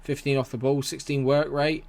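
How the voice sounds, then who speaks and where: A man's voice: medium pitch, level tone, moderate pace, gravelly, a little mellow. A young man casually commentating on his management game live and chatting with viewers, rambling and friendly in tone. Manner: chatty, rambling, reads chat aloud and answers it. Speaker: gaming streamer.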